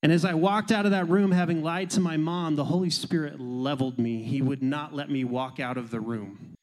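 A man's voice: fairly high pitch, fairly even intonation, normal speed, poor audio. A man, a pastor, sharing his own testimony in a church service in an earnest, emphatic way. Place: church sanctuary.

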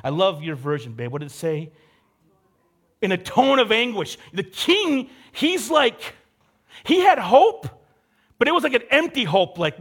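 A young male pastor preaching in a relaxed, conversational way, slipping into the voices of the people in his story. His voice sits high for a man, and he takes his time with his words. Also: measured pace, slightly rough. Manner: conversational, acts out characters in quotes. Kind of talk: casual sermon.

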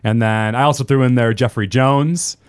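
A man's voice: mid-range voice, steady tone, normal speed, clean tone, no echo. Casual rambling male podcast co-host. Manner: rambling, lots of fillers and restarts. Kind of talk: casual chat.

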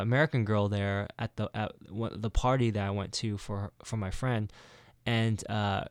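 A man's voice: fairly low pitch, fairly bright tone, clean tone, dry recording, clean studio sound. A man chatting casually, telling a rambling story with many restarts and acting out quoted dialogue. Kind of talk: casual chat.

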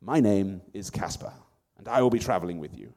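A man's voice: low-pitched, lively intonation, brisk, mellow, long reverb tail. A man voicing a grand, learned wise man who speaks in a stately, explaining way.

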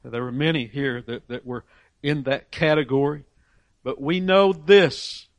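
A man preaches a sermon with emphasis, reading scripture aloud and briefly voicing characters from the Bible stories. His voice is medium in pitch and unhurried, with no room sound.

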